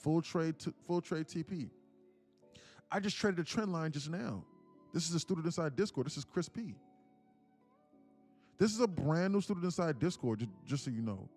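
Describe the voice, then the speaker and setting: A man's voice: on the high side, expressive, moderate pace, long pauses, a little mellow, faint music behind. Slangy, rambling male stream host. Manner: rambling and slangy, with many restarts. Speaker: trading mentor and stream host. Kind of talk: casual live-stream talk.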